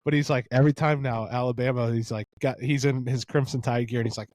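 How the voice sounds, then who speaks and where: A man's voice: mid-range voice, fast talker, few pauses, no echo. Chill podcast guy telling stories, very dry close sound. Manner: relaxed storytelling, laughs easily. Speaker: podcast co-host. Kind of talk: casual sports chat.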